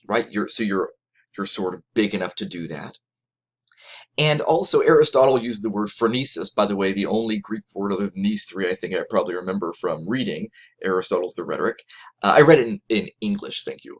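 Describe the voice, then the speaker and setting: Lower-voiced man lecturing, lots of "right?". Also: fairly quick. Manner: conversational, frequent "right?" tag questions and restarts; animated pitch jumps when quoting others. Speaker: college lecturer. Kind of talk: recorded lecture.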